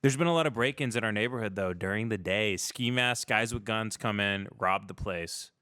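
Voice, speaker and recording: A man with a bright, crisp voice trades deadpan, absurd jokes in relaxed podcast banter. He sounds close to the mic in a dry space. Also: fairly low pitch, normal speed, dry recording. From California. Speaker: podcast host. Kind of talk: casual comedic podcast banter.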